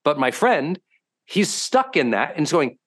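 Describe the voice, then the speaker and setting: Animated male podcast host. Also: on the high side, unhurried. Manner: animated, swings into loud acted quotes. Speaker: high performance coach. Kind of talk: conversational podcast storytelling.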